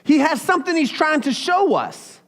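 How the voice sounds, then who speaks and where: A young man with a very high voice is preaching. His delivery is loose and conversational, and he slips into little acted voices when he quotes someone. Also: wildly swooping pitch, normal speed, fairly bright tone. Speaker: pastor. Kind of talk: sermon.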